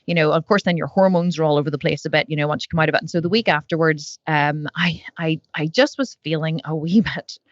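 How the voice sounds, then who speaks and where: A woman podcast host chatting at a quick clip, rambling and piling on fillers as she goes. Her voice is dry and close, with a slightly dull, muffled sound. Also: low-pitched, no echo. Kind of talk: casual podcast chat.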